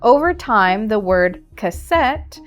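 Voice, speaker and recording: A woman's voice: medium pitch, slow, faint music behind. Woman narrating a spooky history podcast. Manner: steady storyteller, playful, laughs at own slips. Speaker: podcast co-host reading the story. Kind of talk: reading a scripted history segment.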